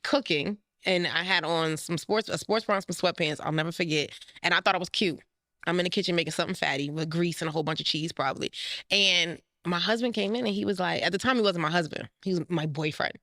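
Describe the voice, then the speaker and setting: Fast-talking woman telling her story. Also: on the low side, fairly bright tone, no room sound, studio quality. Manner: emotional, frank storytelling. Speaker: guest, life coach. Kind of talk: candid personal interview.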